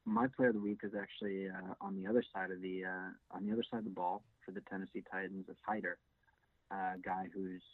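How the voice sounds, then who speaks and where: Co-hosting a casual sports show, this man talks quickly in a low, level voice, hesitating often and restarting his sentences. There's no room sound, just a thin, phone-like tone.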